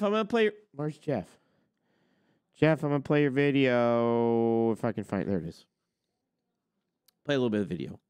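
A man's voice: fairly high pitch, dry recording, studio quality. A man hosting a trucking talk channel, ranting with heated sarcasm and swearing. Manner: heated, sarcastic, swears, mocks others in put-on quotes. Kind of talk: ranting opinion monologue.

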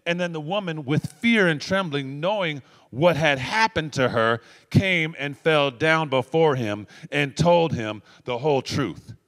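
Man, pastor, sermon, slow deliberate delivery, fairly high voice, repeats phrases, long hall reverb. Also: a bit bright. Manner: call-and-response preaching, repeats phrases for emphasis. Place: church sanctuary.

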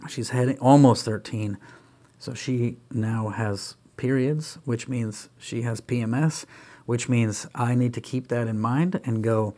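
A man's voice: mid-range voice, a little slow. A man who is a guest on an interview podcast, talking with energy and acting out bits of dialogue as he tells stories about his kids. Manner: animated storyteller who acts out dialogue in voices; energetic, emphatic, with frequent restarts. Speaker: guest speaker and author.

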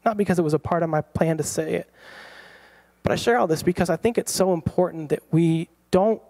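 A pastor in his thirties telling a personal story in a sermon, animated and laughing often. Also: fairly high pitch, fairly quick, creaky. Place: church.

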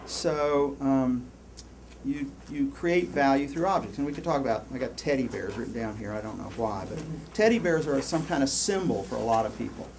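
Rambling, animated male lecturer. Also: medium pitch, moderate pace, creaky, a little hiss or hum. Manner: animated, rambling, lots of self-interruptions. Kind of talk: university lecture. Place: lecture hall.

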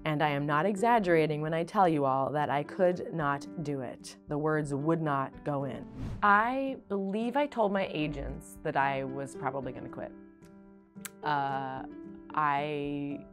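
Middle-aged woman, low voice, candid, rambling, soft music under her. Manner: earnest, animated with many fillers and restarts. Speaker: stage actress. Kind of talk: reflective interview monologue.

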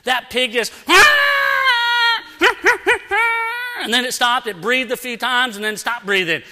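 Male preacher, lively storyteller, high bright tone, long hall echo. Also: fairly quick. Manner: animated, acts out sounds and dialogue. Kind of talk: storytelling sermon. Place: church sanctuary. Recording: long church-hall reverb.

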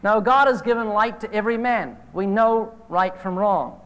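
A man preaching a sermon and telling stories about phone calls, full of animated retellings. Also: high-pitched, moderate pace. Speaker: evangelist preacher. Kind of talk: sermon with anecdotes. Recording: hall reverb from an old videotape.

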